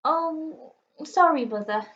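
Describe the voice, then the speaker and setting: Woman doing a sulky schoolgirl, pitched up, muffled audio. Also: takes it slowly, fairly bright tone, recorded from a distance. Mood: defensive. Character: defensive schoolgirl, older sister. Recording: slightly muffled lo-fi recording.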